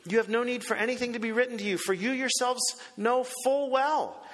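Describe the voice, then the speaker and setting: A pastor preaching a sermon with emphasis, reading scripture aloud and asking the congregation questions. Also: male voice, extremely high pitch, fairly quick, fairly bright tone, big-room sound.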